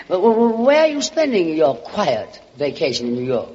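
A woman's voice: low voice, sing-song, normal speed, a little mellow, muffled recording. A woman hosting a 1940s radio comedy show, theatrical and drawling, calling her guest darling. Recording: hissy old radio broadcast with reverb.

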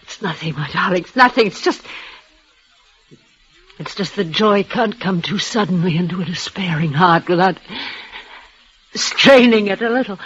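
An actress voicing a dying, devoted young woman in an old radio drama, speaking in breathless, halting, emotional bursts. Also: lowish voice, lively intonation, a bit bright, slightly rough. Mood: reassuring. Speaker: leading lady in a radio play. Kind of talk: 1940s radio acting. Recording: dull lo-fi old radio recording.

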